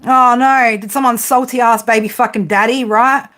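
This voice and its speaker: A woman's voice: a little high, steady tone, normal speed, noisy background. An Australian woman giving a casual tarot reading to her viewers, blunt, teasing and heavily profane. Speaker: tarot reader.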